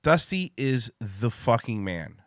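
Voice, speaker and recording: Excitable male stream host, loud casual chatter, cursing, dry mic. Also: medium pitch, takes it slowly, no room sound. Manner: loud, excitable, swears freely. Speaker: livestream show host. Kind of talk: casual livestream chat.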